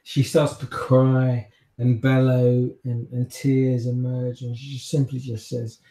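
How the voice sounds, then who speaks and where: A man narrating a tabletop game as game master, telling the story slowly and deliberately. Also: medium pitch, monotone, gravelly, warm tone. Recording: echoey room.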